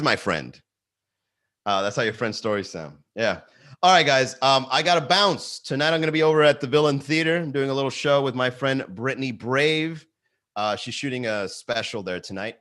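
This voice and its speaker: A male comedian chatting on his daily live podcast in an ordinary mid-range voice. He tells rambling stories about his exes and swears freely. He keeps jumping into loud, high, exasperated voices to act out his reactions. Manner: animated storytelling, swearing, jumps into high excited voices for quotes. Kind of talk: casual live-stream chat. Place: Miami.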